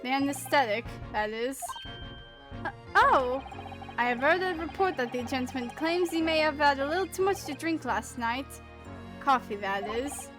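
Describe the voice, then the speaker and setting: A woman voicing a chatty male police constable from a game, in a put-on accent of no clear origin. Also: high-pitched, expressive, normal speed. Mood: polite. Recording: game music under the voice. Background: game music.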